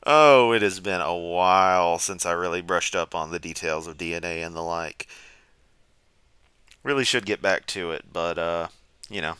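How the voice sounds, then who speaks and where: A man's voice: low voice, pushed and bright, smooth, dry recording. A man giving sarcastic, rambling reaction commentary from a chair at home. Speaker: commentary streamer. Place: home room, seated.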